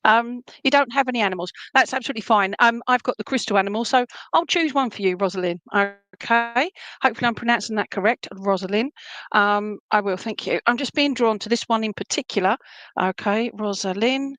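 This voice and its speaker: A woman's voice: on the high side, a little fast, fairly bright tone, no echo. A woman with an Essex accent giving live readings as a medium, chatting casually with many fillers and restarts while she reads viewer comments aloud.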